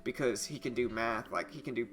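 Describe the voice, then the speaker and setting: A man in his thirties hosting a live trading stream, chatty and loose, getting animated when he tells stories. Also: mid-range voice, fairly quick. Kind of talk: casual live stream chat and market news. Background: soft jazz music.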